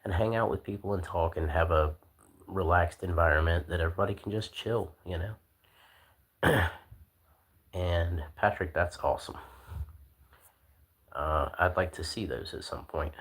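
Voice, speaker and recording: A man hosting a casual livestream, talking in a laid-back, soft-spoken way with lots of fillers. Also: low-pitched, a little slow, pauses often, breathy edge. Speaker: livestream host.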